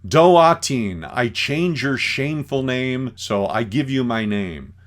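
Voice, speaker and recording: Lecturer doing a stern, scolding old medicine man, slow and swooping. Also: mid-range voice, lively intonation. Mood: solemn. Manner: scolding, solemn.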